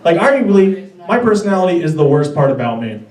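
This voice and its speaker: A man's voice: high voice, very animated, fast talker, darkish tone. A young man in his twenties doing a stand-up comedy set on a club stage, rambling and self-deprecating with stammering restarts. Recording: roomy club audio from far off with crowd. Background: audience laughter.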